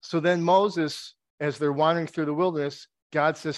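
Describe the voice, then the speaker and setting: A man's voice: a little high, steady tone, normal speed, few pauses, dry recording, clean studio sound. A man preaching a conversational sermon. He retells the story with wry asides and rhetorical questions.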